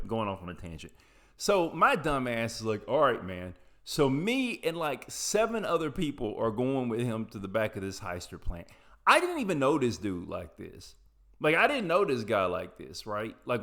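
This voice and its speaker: A man's voice: medium pitch, fairly bright tone. A young adult man from Appalachia telling a personal story in a casual, rambling, profane way, with frequent tangents.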